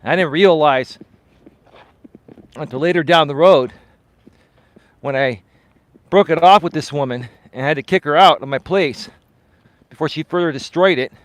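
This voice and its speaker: A life coach telling a personal story live while walking outdoors, candid and animated, growing loud and heated. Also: male voice, a little high, normal speed, long pauses, no room sound.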